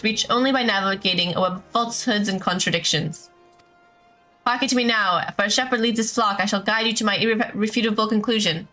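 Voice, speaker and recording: Woman doing a pompous game detective guy, loves his own big words, kinda high voice. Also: sharp tone, poor audio. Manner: grandiose, long-winded. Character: pompous self-styled gentleman inspector, male.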